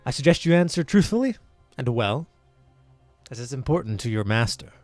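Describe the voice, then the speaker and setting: Man playing stern court interrogator, formal and measured. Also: medium pitch, big pitch swings, darkish tone, dry recording, faint music behind, close to an everyday voice.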